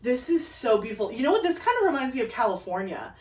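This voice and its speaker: A woman crafting vlogger chatting casually to camera while unboxing, gushing and excitable with lots of fillers. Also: a little high, quick pace. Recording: a bit distant from the mic, faint ambient noise.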